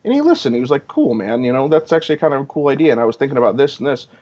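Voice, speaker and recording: A man's voice: medium pitch, very animated, racing, warm tone. Rambling gamer guy on a dull lo-fi line. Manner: rambling, heavy on "you know", acts out quoted dialogue. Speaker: podcast guest, gamer. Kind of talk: casual podcast chat. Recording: dull lo-fi audio.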